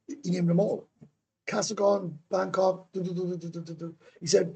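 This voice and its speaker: Welsh man, blunt sweary livestream chat, raised voice, husky and gravelly. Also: high voice, fairly even intonation, normal speed, pauses often, mellow. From Wales. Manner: blunt, sweary, repeats himself, answers comments aloud. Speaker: livestream host. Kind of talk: casual livestream chat reading viewer comments. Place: indoors, living in Thailand.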